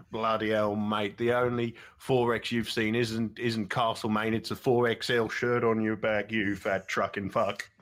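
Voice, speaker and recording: A man's voice: fairly low pitch, level tone, unhurried, a bit bright. A man doing an Australian gold prospector in an improvised comedy sketch, swearing and reeling off mining-gear figures. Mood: banter. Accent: Australian, put on. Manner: swearing, reels off technical figures, laughs at the banter. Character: crude male Australian gold prospector, fond of machine specs. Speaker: podcast co-host.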